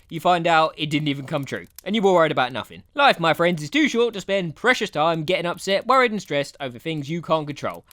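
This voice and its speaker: A man narrating a comedic animated storytime in a chatty, jokey way. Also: sits high, no echo. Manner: chatty, jokey, playful character voices.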